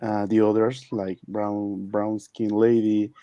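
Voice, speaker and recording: A man's voice: on the low side, little pitch movement, slow, dark tone, no echo, lo-fi sound. A man who is not a native English speaker, a guest on a live chat, talking hesitantly and thanking people. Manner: hesitant, many fillers and restarts. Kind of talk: casual video call chat.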